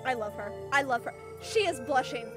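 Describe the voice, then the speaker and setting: A high-voiced young woman streaming a visual novel, reading it aloud with giggly, excitable commentary and frequent swearing. Game music plays steadily behind her. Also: fairly quick. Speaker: gaming streamer.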